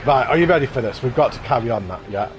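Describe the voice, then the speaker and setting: A man's voice: medium pitch, animated, fast, highs cut off, music in the background. A man hosting a casual live stream, touring and praising contest park builds with eager, effusive commentary. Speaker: livestream host touring contest parks.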